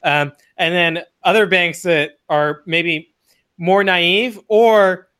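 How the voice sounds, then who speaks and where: Male co-host, tense bright tone, wry joker in relaxed talk. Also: sits high, clear, resonant tone. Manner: quick, wry, laughs while talking. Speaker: podcast co-host. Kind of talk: casual chat.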